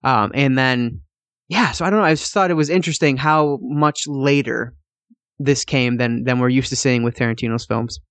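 A man co-hosting a film podcast, talking casually and excitedly, laughing and swearing as he reviews a movie. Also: medium pitch, normal speed, dry recording. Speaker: podcast co-host.

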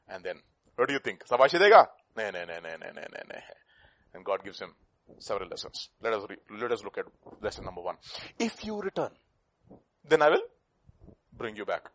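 A man preaching a sermon, swinging between loud bursts and hushed asides. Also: on the low side, sing-song, a little fast, pauses often.

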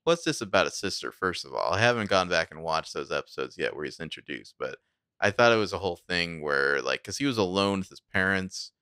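A man talks through a TV episode with his co-host in loose, casual chat. His voice is bright and lively, climbing and dropping a lot, and the sound is close and dry with no room in it. He swears freely and laughs easily. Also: sits low, brisk, clean tone, no echo. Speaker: podcast co-host.

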